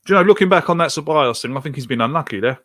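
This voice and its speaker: Racing along in a fairly high, bright-toned voice, a man streams a live football watch-along for his podcast. He is animated and exasperated, reacting to the match with frustration while reading out what viewers write.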